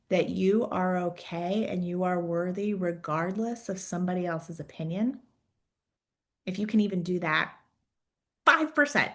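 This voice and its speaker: Encouraging woman career coach. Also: on the low side. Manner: conversational, peppers sentences with "right?"; encouraging, posing reflective questions. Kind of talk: coaching talk to an audience.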